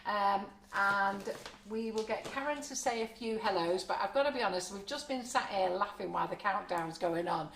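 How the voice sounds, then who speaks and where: A woman's voice: mid-range voice, moderate pace, gravelly, a bit bright, reverberant, slight background noise. A woman hosting a live cake decorating demo, chatty and frank, laughing often. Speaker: baking show host. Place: home kitchen studio.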